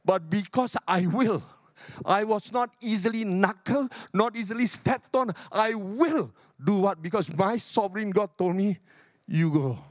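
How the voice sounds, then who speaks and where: High-voiced older man preaching emphatically. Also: unhurried, no echo, studio quality. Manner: emphatic, repetitive preaching with big pitch swings. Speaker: pastor. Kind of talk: sermon.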